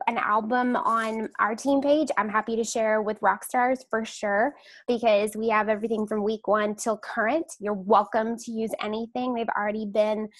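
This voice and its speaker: A woman's voice: fairly high pitch, dry recording. A woman in her thirties hosting a team video call, chatty and teasing, laughing easily as she talks. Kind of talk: casual chat.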